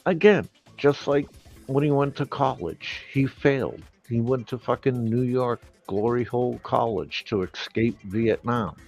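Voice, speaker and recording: Slow, gravelly-voiced man ranting angrily. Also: medium pitch, a little mellow, soft background music. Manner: profane, slow and emphatic, mocking. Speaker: YouTuber on a live stream. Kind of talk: angry ranting live stream.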